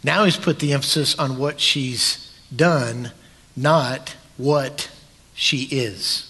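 A man pastor preaching a sermon in a church sanctuary, deliberate and emphatic, leaning on long pauses. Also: medium pitch, pushed and bright, husky. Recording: long church hall reverb.

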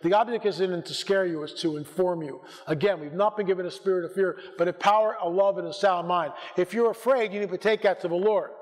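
A man with a notably high speaking voice delivers a fiery conference lecture in a church auditorium. He exhorts and urges his listeners, and his words ring out with a long reverb off the hall. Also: a little fast, hardly any pauses. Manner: urgent, exhorting, builds to shouted rebukes.

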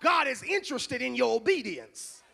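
A man preaching a sermon as pastor, moving from low conversational asides to loud shouted call-and-response. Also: big pitch swings, moderate pace, gravelly, husky.

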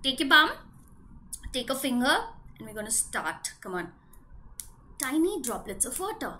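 Lively, high-voiced woman storyteller. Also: normal speed. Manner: animated, asks the children questions. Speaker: preschool teacher storyteller. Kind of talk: storytelling for young children.

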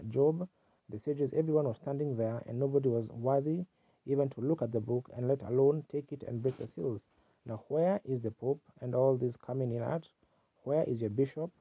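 A man delivers a fervent sermon, his voice gravelly and a little husky. The sound is dull and lo-fi, like an old archival tape, and close and dry with no room around it. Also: mid-range voice, no echo. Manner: fervent preaching with exclamations. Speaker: preacher.

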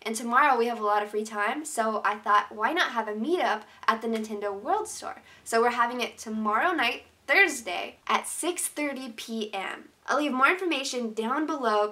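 Bright-voiced young woman vlogging heartfelt. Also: on the high side. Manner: emotional and sincere, talks openly with many likes and restarts. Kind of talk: heartfelt casual vlog to viewers.

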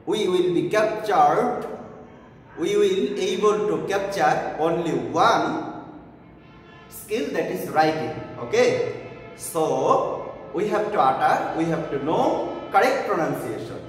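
Teacher repeating every phrase. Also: male voice, high-pitched, lively intonation, slow pace. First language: Bengali. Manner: repeats each phrase, checks with "okay?" and "clear?". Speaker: English lecturer. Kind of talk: classroom lesson. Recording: echoey room, voice far from the mic.

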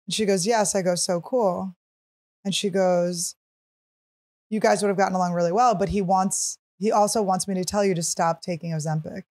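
A woman in her thirties hosting a podcast, telling a comic story in a casual, animated way and acting out what other people said. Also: on the low side, normal speed. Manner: animated, acts out others' quotes, shrieks while teasing. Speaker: podcast host.

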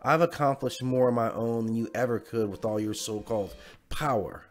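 A fierce, hot-tempered witch snaps and sneers at her rival, voiced by a man. Her voice stays close to the reader's own, with a middle pitch. Faint music runs behind the reading. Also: normal speed, close to an everyday voice. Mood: angry. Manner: snapping, sneering and hissing.

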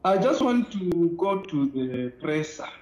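A man's voice: a little high, very animated, unhurried, darkish tone, echoey room, dull audio. A man chatting casually, complaining and switching between languages. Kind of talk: casual chat.

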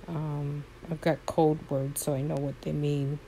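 A woman with a low, gravelly voice speaks slowly and warmly as she plays a horse game at home. She gushes over her horses and keeps exclaiming. Her tone is soft and mellow. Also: little pitch movement, a little hiss or hum, poor audio. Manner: gushing, talks to her horses fondly; frequent exclamations. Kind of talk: casual gameplay commentary.

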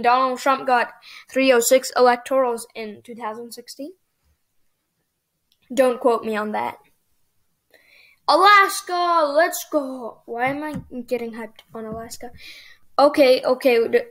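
A woman with a high, light voice talks through a game as she plays it. Her casual commentary is excitable, and she thinks aloud as the results come in. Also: unhurried. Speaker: gaming channel host.

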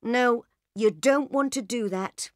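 A woman reading aloud and voicing a calm, worldly older man giving advice to a stranger. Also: on the high side, takes it slowly, no room sound, clean studio sound, voice pushed up. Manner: calm, advising. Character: calm older male traveller, worldly and unhurried.

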